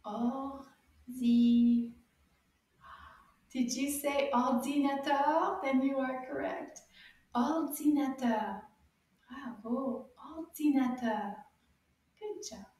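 Teaching French to young children, a woman with a high but mellow voice takes an unhurried, upbeat approach, stretching sounds out for the kids to copy and offering lots of encouragement. The recording places her far from the microphone in a heavily echoing space.

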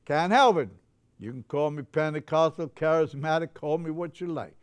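A man's voice: on the high side, moderate pace, clear, resonant tone. An older man preaching a sermon in a chapel, fervent and getting carried away with joy.

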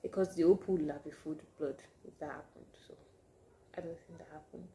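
A woman chatting to her camera in a casual vlog. Her voice sits a little low and sounds mellow and warm. She tells her story with lively swings, now and then sinking into a hushed aside. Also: fast, vocal fry, a little hiss or hum. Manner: animated, drops to hushed asides. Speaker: vlogger.

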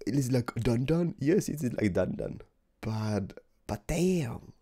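A man's voice: medium pitch, very animated, slow pace, mellow. A young man giving rambling, casual gameplay commentary in a tired morning voice, repeating words and sometimes dropping to a whisper. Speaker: gaming video host.

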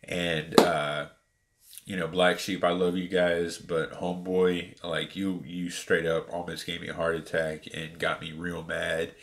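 A man casually retelling a story about buying sneakers, animated and full of fillers. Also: sits low, unhurried, a little hiss or hum. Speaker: sneaker reviewer.

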